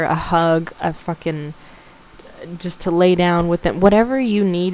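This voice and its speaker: Young woman podcasting, lowish voice, teary and emotional, cusses and laughs a lot. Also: darkish tone, poor audio. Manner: emotional, near tears, swears casually, laughs through it. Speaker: podcast host. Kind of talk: casual motivational monologue.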